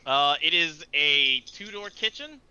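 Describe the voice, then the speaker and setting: A man running a tabletop game as game master, halting and searching for words as he describes scenes. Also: on the high side, lively intonation, bright, forceful tone, smooth, low-quality recording.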